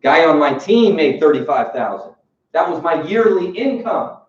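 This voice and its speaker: Male sales trainer, animated storyteller, higher voice, muffled distant room recording. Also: normal speed, very echoey. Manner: animated storyteller acting out bosses, laughing, street-talk swearing. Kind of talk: motivational training talk.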